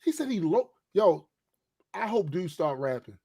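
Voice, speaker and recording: Dude cohosting a podcast, real lively up and down voice, swears a lot, super emphatic. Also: male voice, sits high, unhurried, vocal fry, slightly rough. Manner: animated, profane, emphatic. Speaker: podcast co-host. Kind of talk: casual chat.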